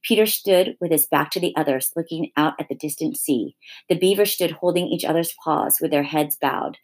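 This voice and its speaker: Low-voiced woman, storybook reader, steady and expressive. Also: normal speed, breathy edge. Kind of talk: reading a children's novel aloud.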